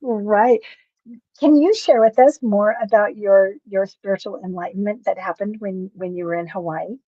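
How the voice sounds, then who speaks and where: A woman's voice: mid-range voice, moderate pace, lo-fi sound. A woman podcast host asking her guest a question and giving brief encouraging replies. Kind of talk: interview questions.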